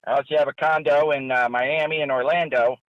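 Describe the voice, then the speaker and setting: Crude, touchy Jersey braggart caller, played by a man; higher voice, muffled dry phone sound. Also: steady tone, dry recording, close to an everyday voice. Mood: boastful. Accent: New Jersey. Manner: boastful, crude, quick to take offense. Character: sleazy aging male caller, loud braggart producer.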